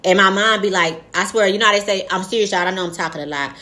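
A young woman talking frankly and profanely in a casual chat, acting out quoted lines with animated storytelling. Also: mid-range voice, fast talker.

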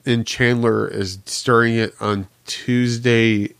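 A man's voice: medium pitch, steady tone, takes it slowly, vocal fry, fairly bright tone, smooth, no room sound, clean studio sound. Laughing, filler-heavy podcast co-host man. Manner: laughs often, lots of "like" fillers. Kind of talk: casual chat.

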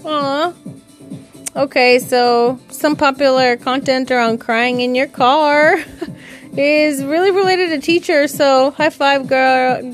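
A woman with a slightly high voice rambles through a casual solo podcast, chatty and candid. She swears freely and laughs at herself as she goes. Faint music sits behind her. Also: fairly even intonation, takes it slowly. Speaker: podcast host; parent.

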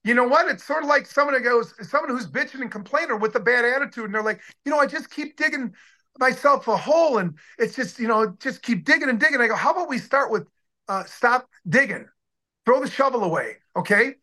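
60s guy, ex football player rambling through old stories, bright tense voice, keeps restarting. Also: very high voice, fairly quick. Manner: excited, rambling, many restarts. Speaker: former pro football player, guest. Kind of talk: casual interview storytelling.

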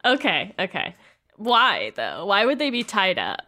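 A woman's voice: mid-range voice, huge pitch swings, a little slow, pushed and bright. A woman co-hosting a podcast in casual chat, laughing often and steering the discussion. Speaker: podcast co-host.

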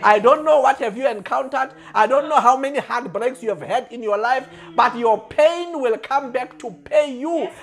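A preacher delivering a sermon, repeating refrains and swinging from quiet lines to shouted peaks. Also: sits high, normal speed, gravelly, hardly any pauses.

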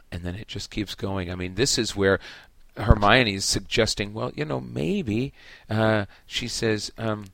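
Gravelly, emphatic male podcast host. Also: fairly low pitch, a bit bright, no room sound. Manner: emphatic, halting with many restarts. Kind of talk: casual book discussion.

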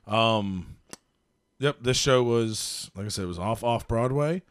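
A man's voice: medium pitch, unhurried, clear, resonant tone, dry recording, studio quality. A man co-hosting a casual movie podcast, chatty and full of trivia, with frequent ums and uhs. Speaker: podcast co-host. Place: home room with a pet nearby.

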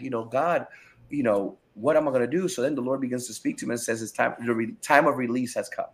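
Emphatic middle-aged pastor telling his story. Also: mid-range voice. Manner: animated, emphatic storytelling with repeated phrases. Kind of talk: candid interview, personal testimony.

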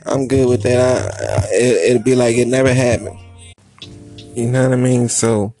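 Gravelly man telling a rambling comic story. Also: medium pitch, normal speed, mellow, soft background music. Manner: rambling, repetitive, swearing, frequent "you know what I mean". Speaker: comedian.

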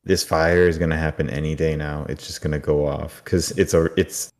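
A man co-hosting a podcast, recapping an episode in casual, animated chat. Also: extremely low pitch, moderate pace. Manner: animated storytelling, puts on silly voices. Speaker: podcast co-host.

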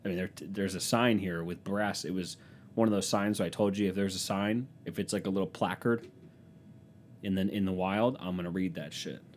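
A man's voice: sits low, normal speed, slight background noise. A man hosting a podcast, telling rambling, self-mocking stories in a casual, profane monologue into a microphone. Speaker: podcast host.

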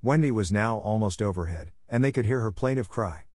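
A man narrating a storybook audiobook with a measured, expressive reading on a close mic. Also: lowish voice, no echo.

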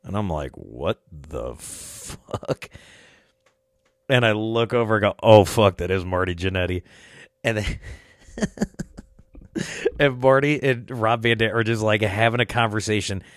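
Man, podcast host, lowish voice, dry close sound, rambling, profane, laughs mid-story. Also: normal speed, pauses often, fairly bright tone, no echo. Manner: rambling, swears often, laughs mid-sentence. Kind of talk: casual storytelling chat.

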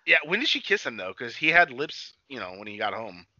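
Male podcast co-host, loose and profane, very bright tone, dull lo-fi sound. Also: mid-range voice, brisk, dry recording. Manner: animated, swearing, acts out quotes. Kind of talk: casual movie chat.

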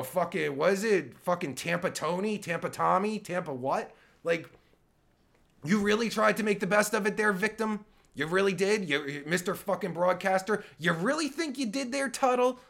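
Stammering, sarcastic high-voiced man ranting. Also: creaky, a bit bright. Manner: sarcastic, stammering, swears constantly. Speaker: podcast host reacting to a clip. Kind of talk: angry profane reaction commentary.

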